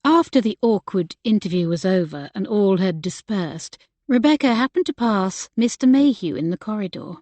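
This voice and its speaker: A woman reading a novel aloud as audiobook narrator, in measured, unhurried storytelling. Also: mid-range voice, expressive, a little mellow, dry recording. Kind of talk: scripted narration.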